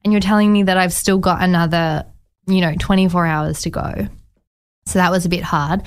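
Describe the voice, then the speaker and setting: A woman's voice: fairly low pitch, normal speed, clean tone. A woman in her twenties, a guest in a casual chat, telling her story openly and chattily, acting out what people said with lots of "I was like" quotes. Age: 20s. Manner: chatty and animated, acts out others' words with many "I was like" quotes.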